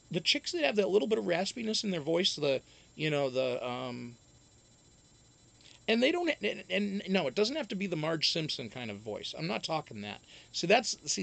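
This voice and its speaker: This man's voice is high, gravelly and fairly bright. He chats casually during a live stream, reading out comments from viewers and responding in a rambling, profane manner full of restarts.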